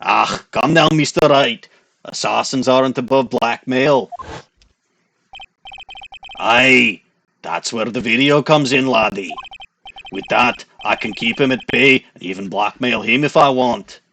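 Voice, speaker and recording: A man's voice: mid-range voice, a little slow, pushed and bright, a little hiss or hum. A man voicing a smug young male celebrity in a put-on Scottish accent, with broad dialect words. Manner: broad, playful brogue with rolled dialect words.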